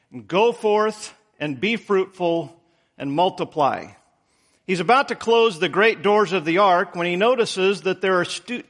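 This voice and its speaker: A man who pastors a church, telling jokes and then preaching a sermon in a halting, reflective way. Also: high-pitched, fairly bright tone.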